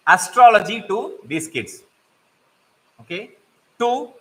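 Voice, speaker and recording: A middle-aged man telling and explaining a fable, with lively digressions. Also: on the high side, low-quality recording. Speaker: storyteller and teacher.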